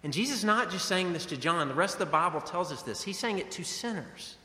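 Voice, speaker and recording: A male pastor preaching an earnest, conversational sermon, his voice bright and sharp with a slightly raised pitch. He is recorded in a roomy church sanctuary, and a long reverb trails each phrase. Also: animated, brisk. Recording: echoey hall with long reverb.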